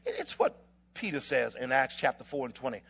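Fiery preacher with a lively, gravelly voice. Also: male voice, mid-range voice. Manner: impassioned, rising to shouts with dramatic pauses; rhythmic alliterative phrasing. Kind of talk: sermon.

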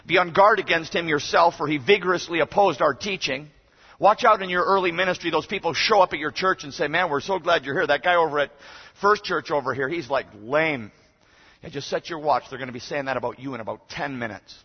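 Guest preacher, male, high husky voice, exhorting hard; long-reverb chapel, muffled. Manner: emphatic, exhorting, rising to shouts. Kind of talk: sermon.

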